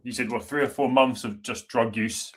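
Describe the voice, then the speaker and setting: A man's voice: mid-range voice, steady tone. Encouraging male interview host. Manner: encouraging, backchannels a lot, halting questions. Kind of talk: online interview hosting.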